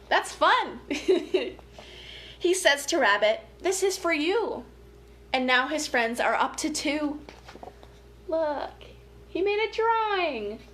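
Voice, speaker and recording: A young woman family educator reading a picture book aloud to children, with gentle, playful, chatty asides to her young listeners. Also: high-pitched, expressive, slow.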